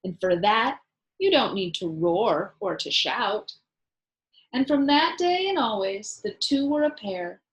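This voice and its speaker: A woman teacher reading a rhyming picture book aloud to children, expressive and asking them questions. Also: mid-range voice, poor audio. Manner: slow, expressive, asks listeners questions. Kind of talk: children's storybook read-aloud.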